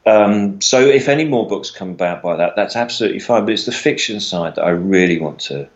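A man's voice: on the low side, animated, fairly quick. A middle-aged man with a southern English accent, chatting casually as a podcast guest, rambling, restarting and laughing as he goes. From England. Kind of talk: casual chat. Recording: dull lo-fi sound.

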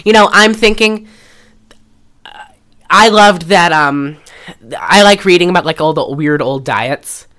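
A woman's voice: fairly low pitch, measured pace, pauses often. A woman co-hosting a podcast in casual chat, retelling a film with lots of laughter and swearing. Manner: laughs often, swears freely, animated retelling. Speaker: podcast co-host.

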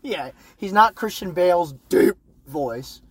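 A man co-hosting a casual film review podcast, excitable and loose, swearing casually and laughing often. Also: sits high, slow pace, husky, no room sound. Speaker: podcast co-host.

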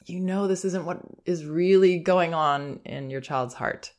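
A woman hosting a parenting advice podcast, speaking in a calm, gentle and reflective way, with soft laughs. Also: lowish voice, unhurried. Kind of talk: advice monologue.

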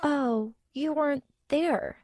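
A woman's voice: high-pitched, takes it slowly, noisy background, voice pushed up. A woman voicing a mean young college girl who taunts and mocks, her tone sneering. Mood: taunting. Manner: taunting, mocking.

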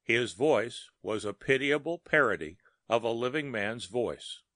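A man narrating a story in a measured, dramatic reading. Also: mid-range voice, animated, fairly bright tone, dry recording, studio quality.

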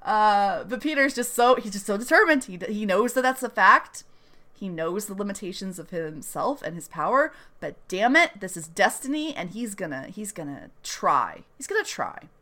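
A young woman hosts a podcast, recapping a TV episode and acting out its scenes in a casual, animated way. Her medium-pitched voice is bright and forceful, with big pitch swings at a normal speed.

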